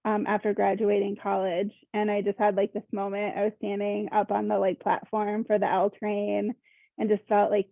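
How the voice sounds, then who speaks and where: A woman's voice: mid-range voice, little pitch movement, moderate pace, gravelly, dry recording. A young woman from Minnesota, a workshop participant, talking hesitantly and searching for words with lots of "like". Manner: hesitant, searching, heavy use of "like". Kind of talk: casual personal sharing. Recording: tinny phone-like call audio.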